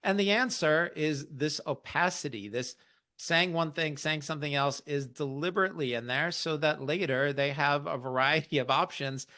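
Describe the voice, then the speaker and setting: A man's voice: a little high, moderate pace, bright, forceful tone. A man hosting an investing podcast, explaining market news in a casual, wry way. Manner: explanatory, wry, quotes others in mock voices.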